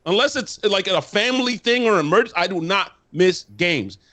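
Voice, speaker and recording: A man's voice: high-pitched, expressive, normal speed, pushed and bright, no room sound. Heated man ranting, dry close sound. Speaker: podcast co-host. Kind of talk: casual podcast chat.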